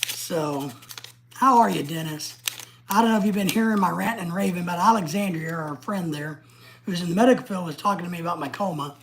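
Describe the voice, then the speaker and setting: Excitable ranting middle-aged woman. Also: on the low side, a little fast, slight background noise. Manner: excitable ranting, blunt and profane. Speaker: livestream host. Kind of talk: casual livestream chat.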